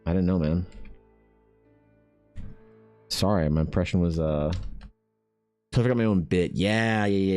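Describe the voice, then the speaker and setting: A man's voice: sits low, measured pace, long pauses, a little mellow, no echo, faint music behind. A man streaming while he draws, chatting casually in a laid-back, rambling way and swearing freely. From Canada. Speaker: art streamer.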